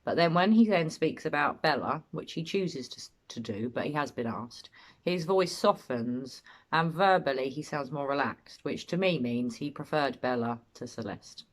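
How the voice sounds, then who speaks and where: A woman's voice: low voice, lively intonation, moderate pace. A British woman giving opinionated, blunt analysis as host of a commentary video.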